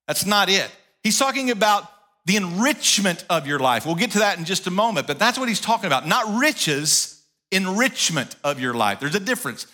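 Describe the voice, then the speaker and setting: A man preaching a sermon as pastor, in an animated, conversational style with acted asides. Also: sits high.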